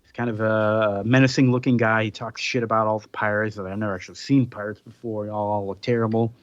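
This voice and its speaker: A man's voice: lowish voice, flat delivery, a little fast, dry recording, lo-fi sound. A man hosting a podcast, casually recapping a comic's plot with frequent ums and little chuckles. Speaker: podcast host. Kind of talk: casual chat, summarizing a comic.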